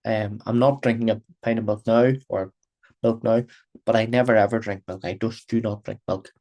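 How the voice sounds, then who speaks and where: A man's voice: on the low side, steady tone, moderate pace, a little mellow. A man giving a recorded grammar lesson as a language teacher, explaining patiently and repeating terms in two languages. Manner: patient, repetitive explaining, switching between Irish and English.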